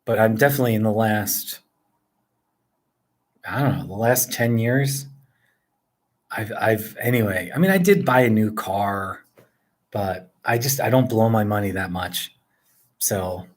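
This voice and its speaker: A man in his forties from northern New Jersey, chatting casually and rambling with viewers, chuckling often as he answers their questions. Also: lowish voice. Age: 40s. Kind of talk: casual live chat. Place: indoors at home.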